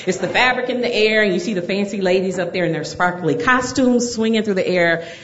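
A middle-aged woman telling a personal story to an audience, animated and laughing through it. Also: medium pitch, brisk, highs cut off.

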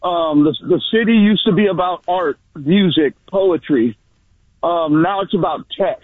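High, breathless man on a phone line. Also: measured pace, dry recording. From San Francisco Bay Area. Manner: blunt and bitter, with many ums. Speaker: caller. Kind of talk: call-in radio comment. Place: outdoors at work. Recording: tinny dry phone line.

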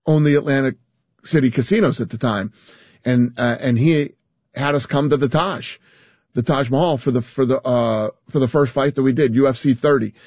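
Emphatic husky male interview guest. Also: medium pitch, moderate pace, a little mellow, no room sound, highs cut off. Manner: emphatic, with frequent restarts and repeated words. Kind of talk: casual interview talk.

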